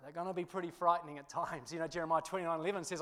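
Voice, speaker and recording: A man preaching, telling a funny personal story with laughter before turning to a quieter sermon. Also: a little high, rapid-fire, hardly any pauses. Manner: animated storyteller, laughs through the tale, drops quiet for scripture. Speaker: pastor.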